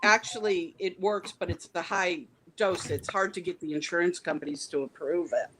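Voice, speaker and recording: A woman's voice: fairly low pitch, normal speed, fairly bright tone, a little hiss or hum, rough recording. A woman in a casual group chat, talking hesitantly with many ums and restarts.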